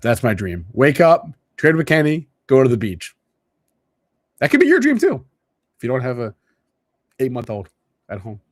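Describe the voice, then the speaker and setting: A man hosting a casual market show, talking in an animated way with frequent restarts. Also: lowish voice, dry recording, studio quality. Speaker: show host.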